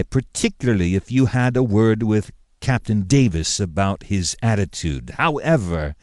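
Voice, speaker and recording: A man voicing a formal, indignant male governor who speaks in a measured way with pointed emphasis. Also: mid-range voice, darkish tone, dry recording, clean studio sound, pitched above the performer's own voice, natural voice.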